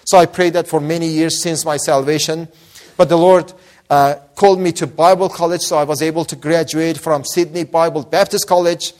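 Man, pastor, testimony sermon, fervent, earnest, slightly high voice. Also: steady tone, fairly quick, a little mellow. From Iran. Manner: earnest, fervent, repeats words when stressing.

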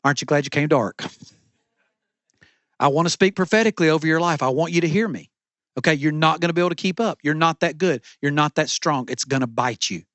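Man, middle-aged pastor, sermon, emphatic repeated phrases, fairly high voice, dry close sound. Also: fast talker, a bit bright, no echo. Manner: emphatic, repetitive preaching cadence. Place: church stage.

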